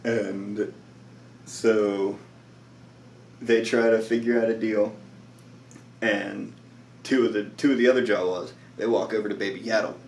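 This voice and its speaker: A man with a somewhat low voice recaps a show episode in a loose, tired ramble full of "like" and little laughs. He sits well back from the mic in a bare, echoey room. A faint electrical hum runs under his voice. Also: steady tone, a little slow, long pauses, darkish tone, recorded from a distance. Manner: rambling, lots of "like", laughs often.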